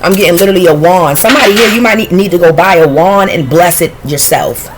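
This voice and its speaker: A woman's voice: lowish voice, fast, noisy background. Blunt, profane woman doing a tarot reading. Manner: blunt, profane, streetwise and animated. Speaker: tarot reader. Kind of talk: casual intuitive tarot reading.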